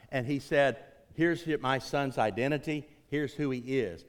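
A middle-aged man preaching a sermon, building to loud, impassioned emphasis on key lines. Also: medium pitch.

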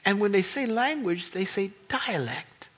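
Male American pastor, high, lively delivery, slightly husky; storytelling sermon. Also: a little slow. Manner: animated storytelling, acts out voices of disciples.

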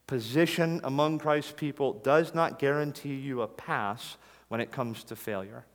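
Man, preacher, sermon, earnest, emphatic, repeats phrases, middle pitch, long reverb.

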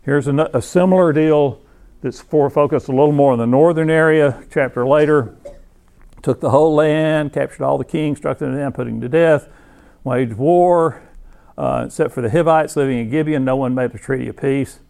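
A man's voice: fairly high pitch, normal speed, gravelly, a little mellow. A man teaching a Bible class in a conversational lecture, with many restarts, reading passages aloud between his own comments. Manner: reads scripture passages aloud.

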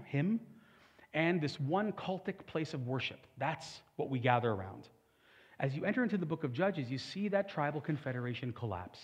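A man's voice: medium pitch, slightly rough, muffled recording. A man preaching a sermon as a pastor, conversational with humorous asides.

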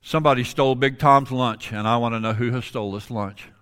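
This is a firm, measured schoolteacher calling his class to order, as a man retells him in a sermon. The delivery stays close to a plain speaking voice. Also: mid-range voice, steady tone, a bit bright, clean tone, close to an everyday voice. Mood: stern. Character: firm male schoolteacher enforcing rules.

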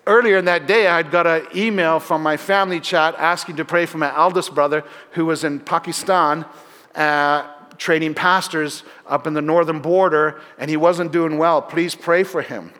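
A man preaching a sermon in a church, telling the story earnestly and often dropping softer for emphasis. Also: a little high, fairly even intonation, normal speed. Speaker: pastor. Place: church sanctuary. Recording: long hall reverb.

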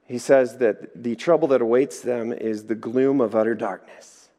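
A man preaching a sermon, telling stories in a lively way and acting out the voices in them. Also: mid-range voice, moderate pace. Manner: lively storytelling, acts out voices. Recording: echoey hall.

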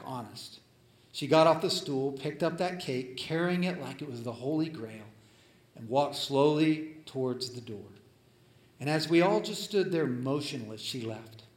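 A male preacher telling a story in a sermon, dramatic and swinging between loud and hushed. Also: mid-range voice. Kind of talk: sermon storytelling, reading a letter aloud. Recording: echoey room.

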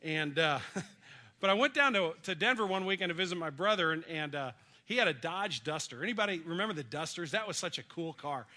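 Bright, high-voiced middle-aged male pastor. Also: expressive, brisk. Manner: earnest storytelling, drops soft for quoted comfort. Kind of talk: sermon.

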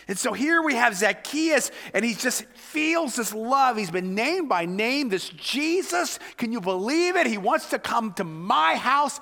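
A man pastor preaching a sermon, earnest, moving between loud emphasis and hushed whispers. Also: extremely high pitch, big-room sound.

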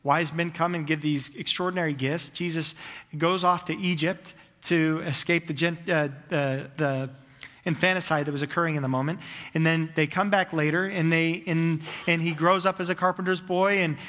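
Fervent high-voiced male preacher. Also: steady tone, normal speed, bright, forceful tone, big-room sound. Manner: fervent storytelling with rising, building runs. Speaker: pastor. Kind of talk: sermon.

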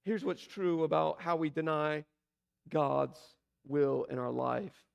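A man preaching a sermon, asking emphatic rhetorical questions and slowing down to stress key words. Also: a little high, vocal fry, smooth. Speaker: pastor.

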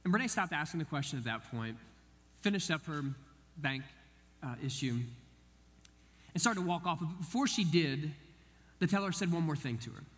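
A man preaching a sermon, telling a story in an animated way and acting out the voices of the people in it. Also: fairly high pitch, moderate pace, long pauses. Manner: animated, acts out quoted voices. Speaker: pastor. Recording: long hall reverb.

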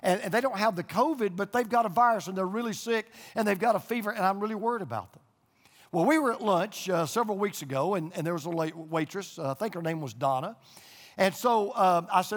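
Speaking quickly and in a fairly high register, an elderly preacher shares homespun anecdotes and drives each point home by repeating it emphatically. The sermon is for a congregation present in a big church auditorium and online, where his words echo with lengthy reverb.

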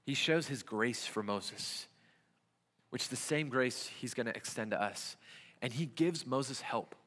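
Youth pastor preaching in a reverberant hall. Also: male voice, mid-range voice, unhurried, fairly bright tone. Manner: conversational preaching with rhetorical questions. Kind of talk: sermon. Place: church sanctuary.

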